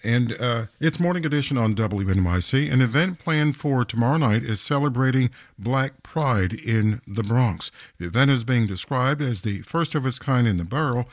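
A man's voice: medium pitch, animated, normal speed, hardly any pauses, dry recording. Male morning radio host, polished live interviewing, mid-range voice, dry booth. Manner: polished announcer phrasing.

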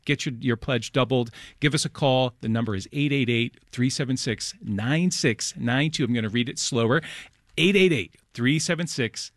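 A man's voice: medium pitch, no room sound, studio quality. Chatty male radio fundraiser host. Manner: chatty, loose, with fillers. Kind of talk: fundraising pitch.

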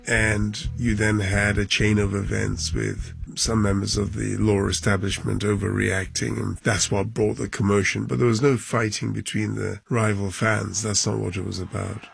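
A man, a football club chairman, recounting events in a documentary interview, halting and emotional, his voice dropping low at times. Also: little pitch movement, creaky, slightly rough, soft background music.

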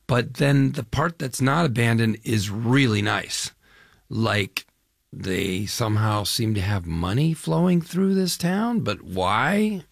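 A man's voice: mid-range voice, vocal fry, dry recording, studio quality. An older man from the US Midwest, an actor talking about his film in an interview, enthusiastic and rambling with fillers. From Chicago area, US Midwest. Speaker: actor guest. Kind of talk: interview conversation.

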